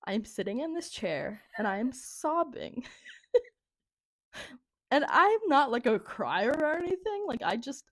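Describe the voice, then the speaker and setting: A woman's voice: sits high, big pitch swings, unhurried, long pauses, no echo, clean studio sound. A young woman telling a story as podcast co-host in casual chat, rambling with lots of "like" and frequent laughs. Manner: rambling, heavy use of "like", laughs often.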